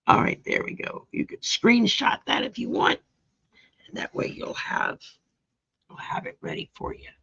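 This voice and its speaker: A woman's voice: deep voice, gravelly, a bit bright, slightly rough. A woman hosting a live stream, chatting with viewers by name and laughing easily as she draws and reads oracle cards. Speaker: live-stream card reader and host. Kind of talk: casual live-stream oracle card reading. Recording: dull lo-fi stream audio.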